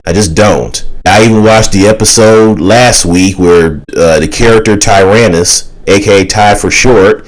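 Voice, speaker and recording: Guy ranting casual and fed up, lowish voice. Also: poor audio. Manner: exasperated, ranting. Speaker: YouTuber. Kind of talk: casual opinion rant.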